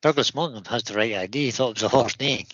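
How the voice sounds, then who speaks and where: A man co-hosts a woodworking livestream, joking around and reading out viewer comments. His mid-range, fairly bright voice races along, and the audio is dull with slight background noise.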